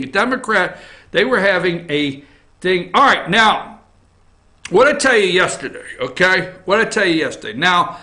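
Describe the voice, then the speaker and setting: A man hosting an opinion show from an office, animated, jumping between loud outbursts and muttered asides. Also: high voice, normal speed. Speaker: host. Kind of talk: opinion commentary on news and politics.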